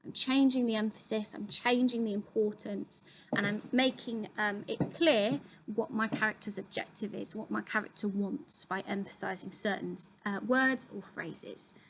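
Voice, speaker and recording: A woman's voice: medium pitch, fairly even intonation, moderate pace, slight background noise, low-quality recording. A young woman, a drama teacher, steadily explaining acting terms to her students with frequent ums. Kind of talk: classroom explainer video.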